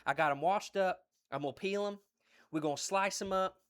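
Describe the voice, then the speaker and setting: An excited man from West Virginia with an Appalachian accent, chatting folksily on a cooking livestream. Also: high voice, fairly quick, clean tone. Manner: folksy and exuberant, repeats phrases.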